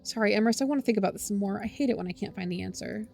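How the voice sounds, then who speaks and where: A woman voicing a worried, clever teen girl who speaks in halting restarts. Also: mid-range voice, creaky, a little mellow, faint music behind, natural voice. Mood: troubled. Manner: halting, restarts mid-sentence.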